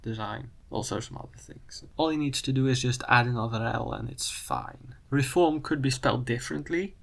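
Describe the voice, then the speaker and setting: A young man with a Dutch accent talks through spelling rules in a careful, analytical way, sometimes correcting himself as he goes. His mid-range voice has a gravelly, creaky edge. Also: medium pitch, fairly bright tone. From Netherlands. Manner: analytical, methodical, self-correcting. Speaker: video creator. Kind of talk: explanatory commentary.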